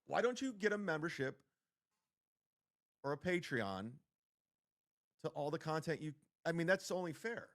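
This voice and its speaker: A man's voice: a little high, sing-song, unhurried, long pauses. A male streamer ranting and mocking while reacting to a clip, swearing a lot. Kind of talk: livestream commentary.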